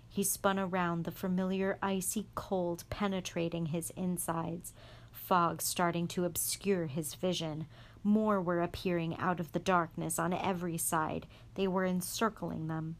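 A woman reading a chapter of a storybook aloud in a calm, even voice. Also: fairly low pitch, measured pace. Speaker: guest reader.

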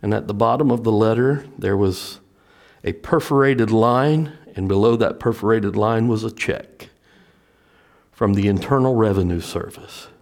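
Male pastor, middle-aged, unhurried sermon delivery, swings loud to hushed. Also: lowish voice. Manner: dramatic swings from loud emphatic preaching to hushed storytelling.

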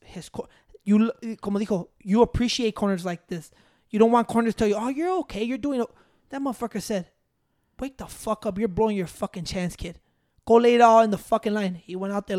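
A man's voice: high-pitched, no room sound, studio quality. A man in casual sports chat, telling stories animatedly with lots of swearing and acted-out quotes, mixing English and Spanish. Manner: animated storytelling, acting out quotes, profanity-laden.

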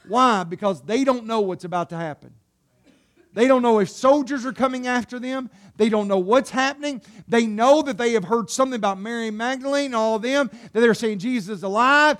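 Man preaching, very high voice, rhetorical questions, soft lows to loud exhortation. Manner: rhetorical questions and direct calls to the congregation; swings between soft, low passages and loud, rising exhortation. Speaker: pastor. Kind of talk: sermon.

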